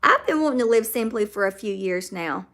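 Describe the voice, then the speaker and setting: A woman with a Southern US accent hosts a casual livestream, reading viewer comments and greeting people by name. Her mid-range voice is animated, brisk, and a bit bright.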